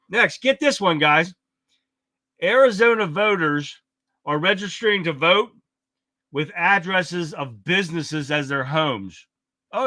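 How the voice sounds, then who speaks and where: A man's voice: high voice, sharp tone, dry recording. A man hosting a casual political livestream, talking bluntly, swearing and greeting chat viewers by name. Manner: blunt, swearing, reads chat comments aloud. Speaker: livestream host.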